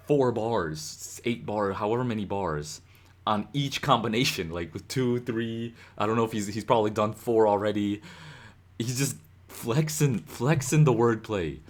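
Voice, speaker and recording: A young man hosting a reaction video, casually and animatedly breaking down rhymes as he talks. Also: on the low side. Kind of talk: casual commentary.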